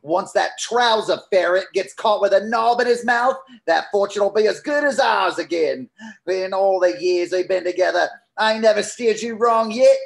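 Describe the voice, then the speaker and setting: A man's voice: sits high, moderate pace, creaky. A man playing a cocky Cockney swindler woman. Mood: scheming. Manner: cocky, reassuring, conspiratorial. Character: scheming female con artist, confident ringleader. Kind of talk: comic play reading. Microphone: video call.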